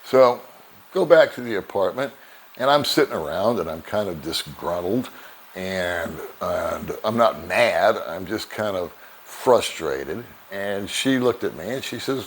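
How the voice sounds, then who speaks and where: Older guy with a low voice just rambling through a story for his vlog, easygoing, little chuckles, faint hiss behind. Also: measured pace. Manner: relaxed, rambling anecdotes with chuckles. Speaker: vlogger. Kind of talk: casual storytelling to camera.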